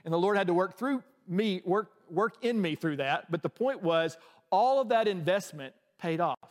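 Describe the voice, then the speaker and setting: A man's voice: high-pitched, animated, normal speed, in a large hall. A man preaching a sermon as a pastor, telling a personal story in a conversational way with frequent restarts.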